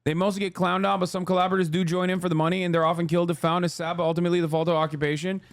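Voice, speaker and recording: A man's voice: sits high, level tone, very fast, clear, resonant tone. A man streaming a reaction video, talking in a heated, emphatic, profane way. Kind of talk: casual reaction commentary.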